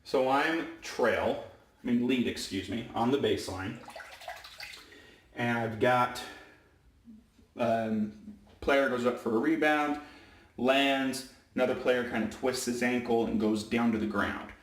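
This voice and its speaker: A man who works as a high school basketball referee, telling stories casually in a rambling way and often correcting himself. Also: takes it slowly, long pauses, far from the mic. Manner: rambling, self-correcting, with many fillers. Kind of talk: casual storytelling vlog. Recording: roomy echo, away from the mic.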